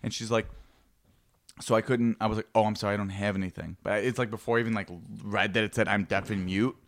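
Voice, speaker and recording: A man's voice: lowish voice, steady tone, fast talker. Profane rambling man. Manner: rambling storytelling, heavy swearing. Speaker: podcast co-host. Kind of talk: casual profane chat.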